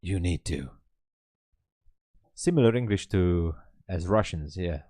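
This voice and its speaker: Slow, low-voiced man streaming live trades. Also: dry recording, clean studio sound. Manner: thinks aloud, laughs often, greets chat viewers; relaxed, halting, many fillers. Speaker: day-trading livestream host. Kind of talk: live commentary while trading and reading chat.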